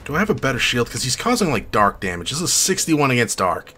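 A man streaming a live playthrough, reacting excitedly, talking to chat, and muttering to himself between loud outbursts. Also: medium pitch, quick pace, slightly rough. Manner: casual, swears, talks to chat. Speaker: gaming streamer. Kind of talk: live gameplay commentary.

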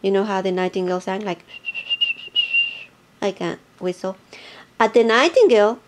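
A woman reading a picture book aloud, gently and with small asides to listeners. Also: medium pitch, moderate pace. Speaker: storybook reader.

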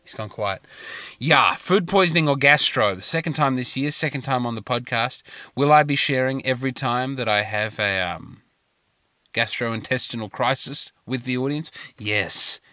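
A man's voice: mid-range voice, moderate pace, bright, forceful tone, dry recording. An Australian man telling a rambling comic story in a self-mocking, chatty way, recorded in his car. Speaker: comedian and podcast host. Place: parked car.

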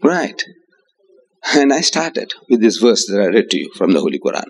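Older South African man, public lecturer, animated delivery that swings into high acted quotes. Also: moderate pace, breathy edge. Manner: animated, acts out quoted voices with rising pitch. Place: hotel lecture hall with audience.

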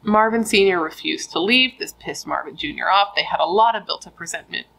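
A woman's voice: on the low side, brisk, vocal fry, fairly bright tone, slight background noise, low-quality recording. A young woman casually retelling a true crime story, chatty and full of filler words.

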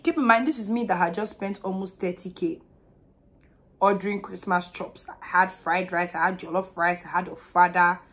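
A young woman from Nigeria with a Nigerian accent, telling a frank, animated story in a casual vlog. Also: fairly low pitch, moderate pace. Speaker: vlogger.

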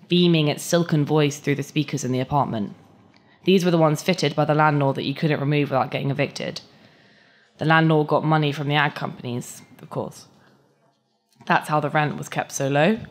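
A woman reading a short story aloud at a live event, with measured, expressive narration. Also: sits low. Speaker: story reader.

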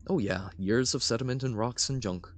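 A man's voice: medium pitch, moderate pace, slight background noise, lightly acted. A man reading a middle-aged junk collector in a half-hearted Scottish accent, jolly and nautical. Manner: jolly, rolling nautical delivery.

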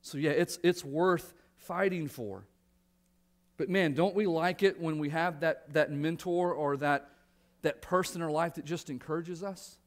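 A man preaching a sermon with a fairly high voice, talking to his congregation in an earnest, conversational way. He often repeats a word as he restarts a phrase, and then he slows into prayer. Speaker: pastor. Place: church sanctuary.

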